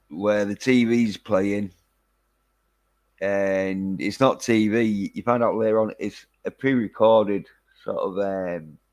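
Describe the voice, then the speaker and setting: A man's voice: fairly low pitch, darkish tone. A man casually chatting through a film review, rambling with lots of fillers and casual swearing. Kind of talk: casual chat.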